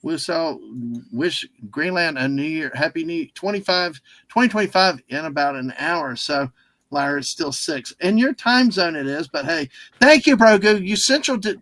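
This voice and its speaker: A man hosts a casual livestream in a rambling, easily distracted way. His voice is high and bright. The sound is dry and close. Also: animated, normal speed, no echo. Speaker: livestream host.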